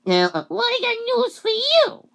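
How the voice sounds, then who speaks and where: Shrill sobbing cartoon woman put on by a vlogger, far above the vlogger's own pitch, halting rant. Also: very animated, creaky, clear, resonant tone. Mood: tearful outrage. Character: angry weepy female cartoon character ranting.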